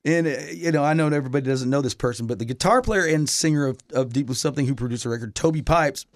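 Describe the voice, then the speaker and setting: A man's voice: mid-range voice, quick pace, no room sound, studio quality. A middle-aged man, a touring musician, telling a long story in casual chat, rambling with lots of fillers and restarts.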